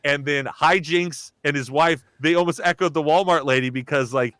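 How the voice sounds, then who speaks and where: A man's voice: fairly high pitch, moderate pace, a bit bright, clean tone, dry recording, clean studio sound. A young man, a guest on a live talk show, telling a casual story with lots of restarts and quoted voices. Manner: rambling, full of restarts and acted-out quotes. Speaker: guest, voice actor and comedian.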